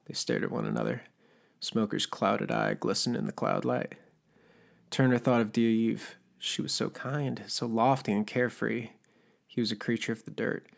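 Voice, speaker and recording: A male audiobook narrator with a gravelly, creaky texture. He reads fiction in a steady, measured way. His pitch sits mid-range.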